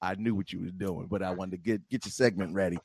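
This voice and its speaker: A man from Philadelphia hosting a podcast, bantering in a playful, teasing way and breaking into loud, excited outbursts. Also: low voice, fast talker, breathy edge, no echo, studio quality. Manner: animated, rising to loud exclamations. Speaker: podcast host. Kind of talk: casual podcast chat.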